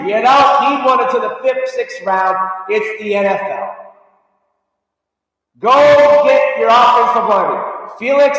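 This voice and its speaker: A man hosts a live sports talk show in a high, fired-up voice, pushing his points hard and breaking into shouts. He sits well back from the mic in a very echoey room with a long reverb tail. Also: recorded from a distance. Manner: emphatic, fired-up, shouts at times. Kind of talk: live sports talk rant reading viewer comments.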